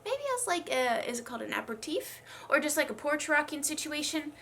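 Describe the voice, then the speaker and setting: Chatty woman with a stuffy, bright voice. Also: sits high, brisk. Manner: chatty, self-deprecating, rambling. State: congested, struggling to speak. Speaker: beauty vlogger. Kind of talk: casual get-ready-with-me chat.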